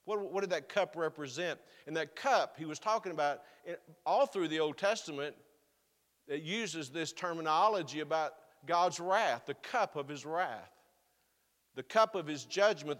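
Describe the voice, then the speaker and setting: Male pastor, fairly high voice, earnest sermon, slows for emphasis, church hall reverb. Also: animated, fairly bright tone. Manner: earnest, building to slow emphatic stresses.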